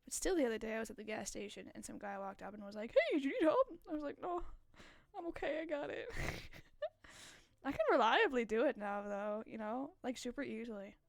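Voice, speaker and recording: A woman's voice: a little high, animated, a little fast, creaky, no room sound, clean studio sound. A young adult woman streaming, chatting casually with her chat, giggly and rambling with lots of fillers.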